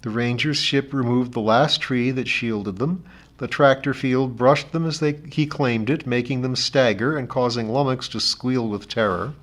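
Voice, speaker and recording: A man reads a novel aloud in a steady, expressive way. His voice sits at an ordinary middle pitch, and he carries the story along clearly, varying his voice to suit the scene. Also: normal speed. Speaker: audiobook narrator.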